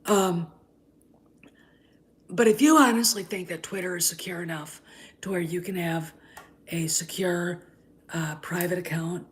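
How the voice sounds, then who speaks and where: A woman hosting a commentary vlog, ranting in a heated, scornful way, often tagging "okay?" and dropping into breathy near-whispered asides. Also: on the low side, normal speed, long pauses. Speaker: channel host.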